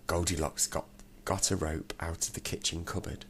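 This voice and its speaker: A man reading a children's storybook aloud, steady and unhurried. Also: low voice, slight background noise.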